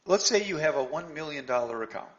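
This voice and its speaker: A man's voice: fairly high pitch, lively intonation, quick pace, fairly bright tone, poor audio. A middle-aged man teaching a trading seminar in a blunt, scolding way, firing rhetorical questions at his students. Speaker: trading instructor. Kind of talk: seminar lecture.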